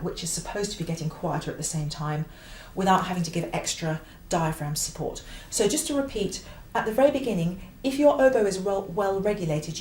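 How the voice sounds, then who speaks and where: A woman teaching the oboe, explaining a piece with clear emphasis and now and then singing a phrase. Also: on the low side, a little mellow, reverberant, a little hiss or hum. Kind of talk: instructional explanation.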